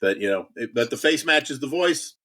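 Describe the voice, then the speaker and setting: A man's voice: medium pitch, lively intonation, normal speed, bright, forceful tone. Laughing, joking man hosting a podcast. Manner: joking, laughs often, repeats words. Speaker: podcast host. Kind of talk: casual chat. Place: home garage bar.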